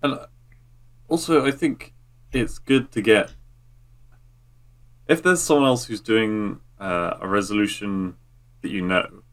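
A man's voice: fairly low pitch, takes it slowly, long pauses. A man co-hosting a podcast, chatting casually and hesitantly with many fillers. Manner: hesitant, lots of "uh" and "um". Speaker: podcast co-host. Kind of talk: casual chat.

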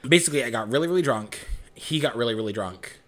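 A man's voice: medium pitch, lively intonation, fast, fairly bright tone. A young man co-hosting a podcast, telling a story casually, swearing often and acting out the lines he quotes. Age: young adult. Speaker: podcast co-host.

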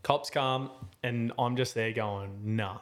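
A man's voice: mid-range voice, moderate pace, fairly bright tone. A man, a podcast host telling a travel story in casual, rambling chat full of slang and fillers.

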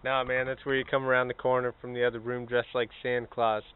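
A man co-hosting a podcast, joking crudely in casual banter and bursting into shouted bits. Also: medium pitch, level tone, fast talker, clean tone. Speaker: podcast co-host. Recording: phone-like narrow sound.

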